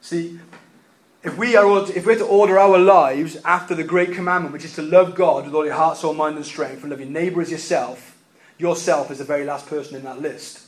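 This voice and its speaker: Emphatic preacher with a higher voice. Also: male voice, fairly even intonation, brisk. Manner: emphatic, repeats key phrases, swings between loud and quiet. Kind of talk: sermon.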